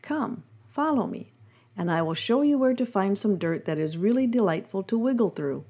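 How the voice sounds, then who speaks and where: A woman voicing a timid, stubborn male caterpillar who thinks he is a worm, in a storybook reading, with a mellow tone. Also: medium pitch, lively intonation, moderate pace, slightly rough.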